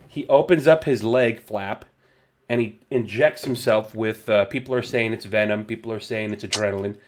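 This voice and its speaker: A man hosting a podcast, telling stories in casual chat with lots of swearing. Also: mid-range voice. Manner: animated, profane storytelling. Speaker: podcast host.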